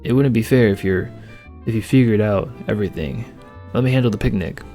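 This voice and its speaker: A man voicing a cheerful, sweet young woman baker who talks in a playful, polite, enthusiastic way, in a low voice of his own. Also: brisk, mellow, soft background music, natural voice.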